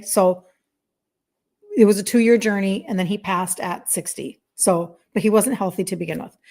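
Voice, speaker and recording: A woman's voice: mid-range voice, a little mellow. Chatty woman in her fifties, live-streaming. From Minnesota, USA. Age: 50s. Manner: chatty, reads viewer comments aloud, earnest and apologetic. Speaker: health coach. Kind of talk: casual live-stream chat.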